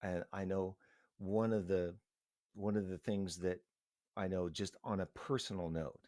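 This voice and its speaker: A middle-aged man talking into a live stream in a casual, earnest, halting way, rambling and restarting his sentences. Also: sits low, fairly even intonation, darkish tone, no echo, studio quality.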